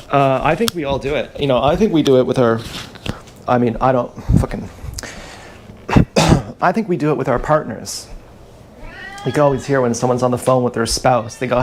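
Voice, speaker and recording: A man rambling crudely through a live stream monologue, often clearing his throat. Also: mid-range voice, unhurried, pauses often, a little mellow, slight background noise. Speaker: livestreamer. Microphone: action camera.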